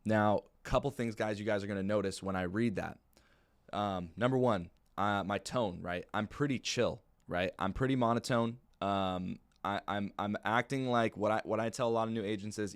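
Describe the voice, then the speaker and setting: A young man who trains insurance salespeople gives casual training talk on sales calls, plain-spoken and full of fillers. His voice is on the low side and moves at normal speed.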